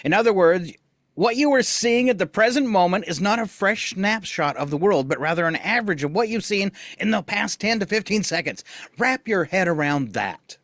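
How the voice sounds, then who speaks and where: Lively, animated male radio host. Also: high-pitched, no room sound, studio quality. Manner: lively, jokey, quick show-running. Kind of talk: casual morning radio banter.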